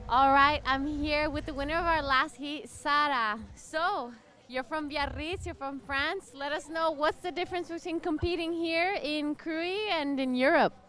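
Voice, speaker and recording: A woman interviewing a surfer on the beach with upbeat, brisk questions. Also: high-pitched, sharp tone, a little hiss or hum. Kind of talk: post-heat interview.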